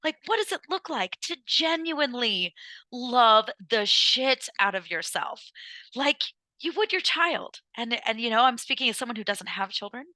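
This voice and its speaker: A young adult woman hosts a podcast, speaking candidly and casually in a personal monologue, swearing freely and using lots of "like." Her fairly high, expressive voice is bright and forceful at a moderate pace. The recording is dry and of poor quality.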